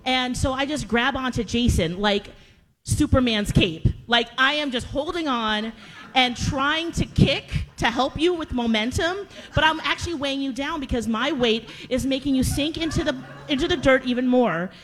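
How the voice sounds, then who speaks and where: A woman co-host telling a funny story in casual chat, animated and acting out quotes. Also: high-pitched, normal speed. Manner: animated, laughing, acts out quotes.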